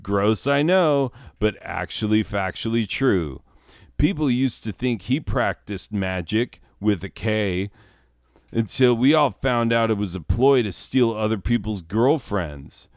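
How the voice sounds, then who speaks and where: A boastful, petty teenage boy witch, as a man puts him on rambles along slowly, dropping filler words as he brags about his curses. The voice sits a little low and sounds smooth and clean. It is a comedic character monologue. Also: animated, dry recording, studio quality. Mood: smug.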